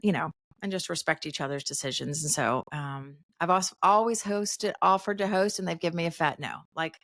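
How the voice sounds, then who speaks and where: A woman's voice: on the low side, brisk, fairly bright tone, no echo, studio quality. A woman in her forties, a podcast guest in casual chat, talking chattily and often quoting herself with a laugh.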